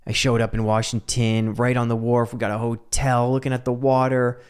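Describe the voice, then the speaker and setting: A man's voice: medium pitch, level tone, normal speed, clean tone. A man hosting a solo podcast, talking casually in a rambling, self-mocking, jokey way with frequent laughs. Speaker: podcast host.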